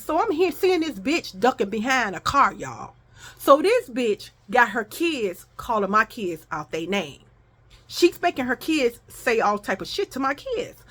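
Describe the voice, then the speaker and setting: A woman's voice: fairly high pitch, very animated, a little slow, pushed and bright. A woman vlogger telling a story to her viewers in a casual, profane style, acting out the arguments she quotes.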